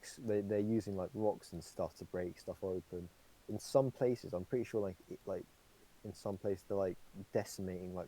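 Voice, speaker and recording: A man's voice: sits low, dark tone, poor audio. A young man co-hosting a podcast, rambling through casual chat with lots of fillers and swearing. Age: young adult. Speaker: podcast co-host.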